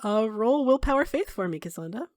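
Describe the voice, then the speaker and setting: A woman's voice: a little high, animated, fairly quick, a little mellow. A woman narrating a tabletop game as game master, describing the scene at length with many fillers.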